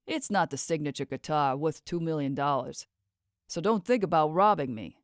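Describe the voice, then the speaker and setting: A man's voice: fairly high pitch, animated, moderate pace, no echo, clean studio sound, lightly acted. A woman voicing a carefree young backpacking musician in his twenties who talks in a breezy, teasing way, in a storybook reading. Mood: easygoing. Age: 20s.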